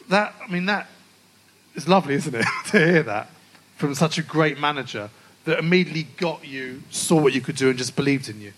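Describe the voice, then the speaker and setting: A man's voice: on the high side, lively intonation, fairly quick, fairly bright tone, rough recording. A male podcast host interviewing a guest at a live club show, chatty, jokey and enthusiastic as a fan. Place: live stage event at a club.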